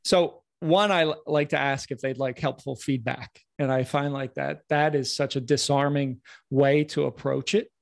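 A man's voice: medium pitch, steady tone, normal speed, creaky, no room sound, clean studio sound. A man answering interview questions as a coach, earnest, often restarting with repeated words. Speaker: podcast guest, morning-routine coach.

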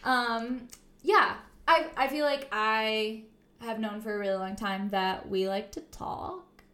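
A woman's voice: fairly high pitch, fairly even intonation, takes it slowly, pushed and bright. A woman co-hosting a casual podcast at home in her kitchen, speaking in a reflective, earnest way with many filler words. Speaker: podcast co-host. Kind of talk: casual conversational podcast chat. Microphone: microphone on a table in front of her.

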